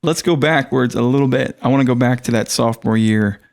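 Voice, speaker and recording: A man's voice: mid-range voice, a little fast, vocal fry. A man hosting a podcast interview, asking questions and affirming the guest. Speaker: podcast host. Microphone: podcast studio mic.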